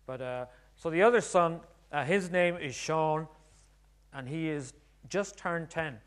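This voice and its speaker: A man's voice: fairly high pitch, measured pace, clean tone. A middle-aged male author telling funny family stories to an audience, chatty and joking. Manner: chatty, joking, acts out voices. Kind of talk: humorous storytelling talk.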